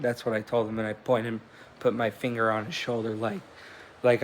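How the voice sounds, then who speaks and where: A man's voice: mid-range voice, steady tone, moderate pace, a little hiss or hum. Young man rambling in a casual vlog. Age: 20s. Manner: loose storytelling with frequent swearing and restarts. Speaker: vlogger. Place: indoors at home, with a cat.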